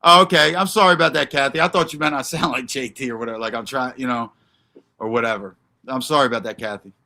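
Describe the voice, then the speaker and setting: Brash, bright-voiced male livestream host. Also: mid-range voice, fairly even intonation, quick pace, vocal fry. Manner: brash, profane, confrontational, answers chat by name. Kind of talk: ranting livestream commentary.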